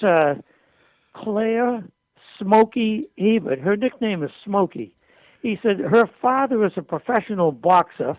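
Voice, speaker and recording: A man's voice: sits high, no room sound. Older man telling stories, tinny line. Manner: colorful, animated anecdotes with quoted dialogue. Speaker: interview guest. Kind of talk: storytelling in a conversation. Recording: dry, tinny phone-like audio.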